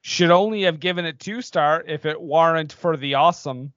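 A man's voice: on the high side, normal speed, a bit bright, no echo, lo-fi sound. Laid-back man reading movie reviews. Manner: laid-back, laughs along, swears casually. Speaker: podcast co-host. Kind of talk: casual podcast chat.

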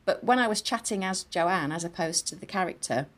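A woman with a northern English accent, a guest actress telling lively anecdotes with frequent laughter in a casual interview. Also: fairly low pitch, a little fast. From northern England. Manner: chatty, laughs often, animated storytelling.

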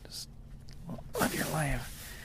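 A man's voice: extremely slow, noisy background. A man who drives a truck, chatting casually and rambling about his day on the road. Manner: rambling, laughs at own story. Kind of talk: casual chat.

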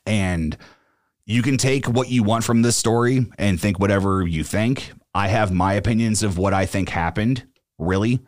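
A man's voice: lowish voice, normal speed, no echo, studio quality. A man hosting a podcast, telling a story in casual chat, rambling with lots of restarts and fillers. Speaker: podcast host.

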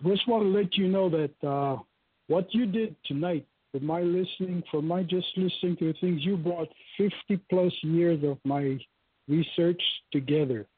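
An older man calling into a show, halting and appreciative, with soft laughs. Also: on the high side, husky, no echo. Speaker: caller. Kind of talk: call-in comment. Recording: thin phone-line call.

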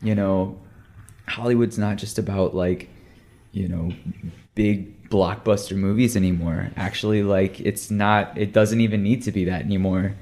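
A young man on a podcast, talking about brand work in a hesitant way with many pauses and restarts. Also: lowish voice, steady tone, a little mellow. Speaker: brand lead on content team. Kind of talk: casual podcast chat.

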